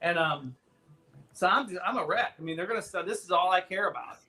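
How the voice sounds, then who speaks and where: A man in his fifties hosting a podcast, telling a childhood story in an animated, profane way and slipping into voices. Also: high voice, fairly quick. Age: 50s. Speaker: podcast host. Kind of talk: casual storytelling.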